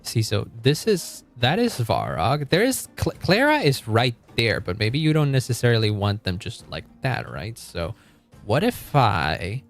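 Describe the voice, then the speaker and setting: Lively-voiced male game streamer. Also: medium pitch, unhurried, gravelly, faint music behind. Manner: rambling, self-interrupting, laughs often. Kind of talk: casual live-stream chat.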